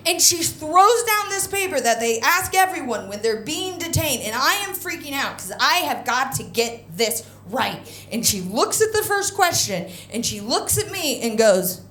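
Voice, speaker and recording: American woman doing stand-up, animated and indignant. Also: moderate pace, hardly any pauses. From United States. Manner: animated storytelling, voice jumps high when indignant. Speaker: stand-up comedian. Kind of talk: stand-up comedy set. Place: theatre stage before a live audience. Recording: roomy live venue with crowd laughter.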